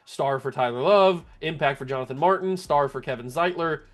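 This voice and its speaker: A man hosting a gaming channel, giving play-by-play commentary on his video game, laughing often and yelling in disbelief at glitches. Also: fairly high pitch, a little fast.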